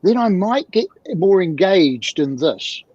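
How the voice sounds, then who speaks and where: A man's voice: sits high, slow, dry recording. Man with dull, dry lo-fi audio. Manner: animated, repeats rhetorical questions. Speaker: guest, emotional communication mentor. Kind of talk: video-call interview talk.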